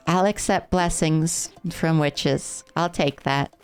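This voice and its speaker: Low, smooth-voiced playful woman streamer. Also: darkish tone. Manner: playful, rambling, chats with viewers. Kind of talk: casual live game-stream chat.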